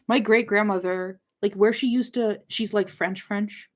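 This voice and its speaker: A woman hosts a casual book discussion, talking straight to her viewers. She rambles from point to point and scatters "like" through her sentences, at a middle pitch that sits right in the usual range. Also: steady tone, a little slow, few pauses. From North America. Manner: rambling, many "like" fillers. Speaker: host of a book discussion channel. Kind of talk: casual livestream chat, replying to viewers.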